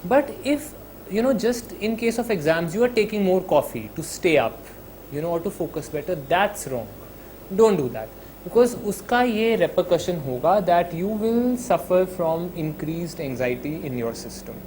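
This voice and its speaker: A man with an Indian accent, a psychologist giving an advice talk to students. He talks conversationally, fills gaps with "you know", mixes in Hindi phrases, and slows down to show calm breathing. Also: high-pitched, slight background noise, poor audio.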